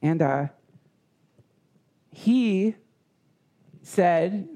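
A man telling a personal story in conversation, earnest and halting with many restarts. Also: high-pitched, gravelly, a little mellow. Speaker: guest.

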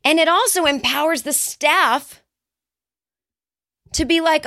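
A woman with a high-pitched voice delivers a comedy podcast monologue, sarcastic and profane. She jumps into shrill mocking voices when she quotes people. The sound is close and dry, with no room around it. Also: takes it slowly, vocal fry, dry recording. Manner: profane, sarcastic, animated ranting. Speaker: podcast host.

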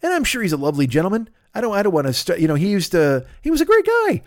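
A man's voice: high-pitched, huge pitch swings, racing, dry recording, clean studio sound. A man in his fifties ranting in a comedic podcast monologue, swearing a lot and jumping between stories. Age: 50s. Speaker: podcast host.

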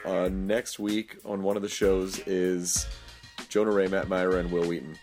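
A man's voice: low-pitched, level tone, moderate pace, darkish tone, faint music behind. A man hosting a podcast in casual chat, rambling with many fillers and frequent laughs. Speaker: podcast host.

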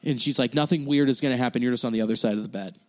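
A man's voice: medium pitch, rapid-fire. A man telling a tour story in casual podcast chat, laid-back and swearing freely, acting out the people he quotes. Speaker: podcast host.

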